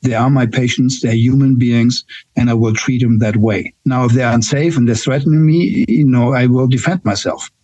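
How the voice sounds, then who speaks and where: Husky German-accented man in his sixties. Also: medium pitch, steady tone, moderate pace, warm tone, dry recording, rough recording. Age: 60s. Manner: candid, storytelling with frequent "right?" tags. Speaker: guest nurse. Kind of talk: casual interview chat.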